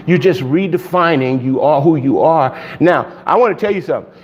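A male pastor preaching a sermon in an animated way, laughing often and shouting for emphasis. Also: fairly high pitch, a little fast, dull audio.

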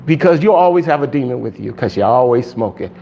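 A male pastor preaching a sermon in an animated way, laughing often and shouting for emphasis. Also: mid-range voice, fast talker, creaky, highs cut off, a little hiss or hum.

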